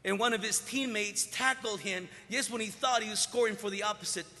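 A man in his sixties preaches with a bright, forceful voice pitched a little high. He swings between loud bursts and hushed lines. The sound rings with the long reverb of a big hall. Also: normal speed. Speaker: pastor. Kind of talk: sermon.

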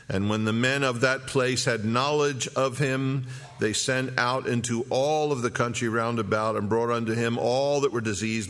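A man's voice: medium pitch, a bit bright. Man preaching through a Bible passage. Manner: reads scripture slowly, then comments in a quick, joking aside. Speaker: pastor. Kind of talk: Bible teaching sermon.

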